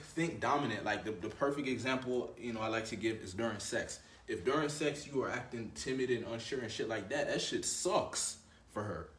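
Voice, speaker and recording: A man's voice: mid-range voice, a bit bright. Blunt, swaggering man in an echoey room. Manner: swaggering, blunt, profane, full of filler words. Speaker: dating coach. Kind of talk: casual advice monologue.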